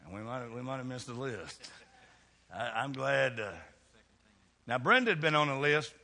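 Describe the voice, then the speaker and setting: Kentucky pastor guy preaching, folksy, ribbing folks by name, bright voice, big echoey church. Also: medium pitch, normal speed, creaky. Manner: folksy, teasing congregation members by name. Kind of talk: sermon. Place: church sanctuary.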